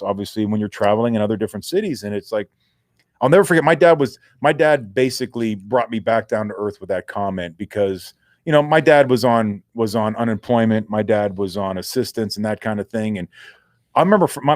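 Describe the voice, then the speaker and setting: A mid-pitched man on a sports talk show tells stories with animated candor and a casual streak of swearing. His voice is recorded close and dry, with no room sound around it. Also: dry recording. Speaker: co-host, former pro football player.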